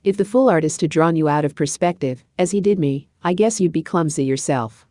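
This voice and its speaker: A clumsy male donkey grumbles and complains, as a woman reads him. The voice stays low, recorded dry and close. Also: brisk, dark tone, no echo, lightly acted. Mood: angry. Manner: grumbling, indignant.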